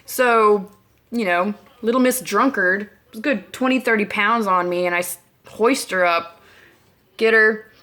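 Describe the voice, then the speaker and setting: A woman's voice: medium pitch, a little slow. A woman telling a story in a casual, blunt way, swearing freely and acting out her own lines. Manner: profane, blunt, animated.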